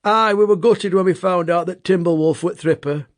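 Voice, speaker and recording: A man putting on a gruff middle-aged Yorkshire taxi driver with a thick, broad Yorkshire accent, blunt and rueful. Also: high-pitched, moderate pace, no room sound, studio quality, pitched above the performer's own voice, close to an everyday voice.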